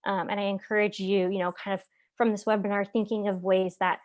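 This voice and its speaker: A woman's voice: mid-range voice, flat delivery, brisk. A woman therapist presenting a parenting webinar in a conversational way, with many "um"s and frequent "right?" check-ins.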